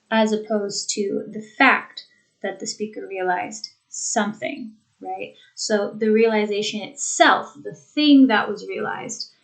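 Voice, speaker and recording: Slow, deliberate woman teaching pronunciation. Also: medium pitch, gravelly, rough recording. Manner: slow, deliberate, demonstrating phrasing by example. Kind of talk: pronunciation lesson.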